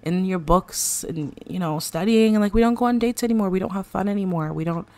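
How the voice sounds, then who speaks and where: A woman's voice: mid-range voice, a little fast, dark tone, pitched above the performer's own voice, close to an everyday voice. A woman voicing a frustrated young wife who complains that her bookish husband never takes her out, reeling off her grievances one after another. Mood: exasperated. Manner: complaining, run-on listing.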